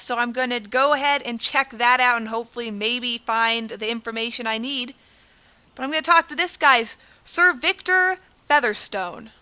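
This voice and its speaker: A woman's voice: high voice, bright, forceful tone. A young woman giving casual, chatty gameplay commentary, self-deprecating and laughing often. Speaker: gaming video creator.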